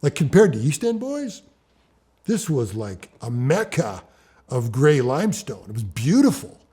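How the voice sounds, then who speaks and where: Brief: middle-aged man, mellow dark voice, animated storyteller who restarts his sentences. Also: mid-range voice, a little slow, breathy edge. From Ontario, Canada. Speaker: rock climber interviewee.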